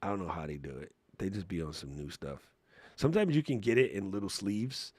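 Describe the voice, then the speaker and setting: A man with a deep, somewhat dark voice hosts a casual livestream Q&A, answering live chat questions at a fairly quick pace. He tells stories in a laid-back, slangy style and laughs often. The recording is dry.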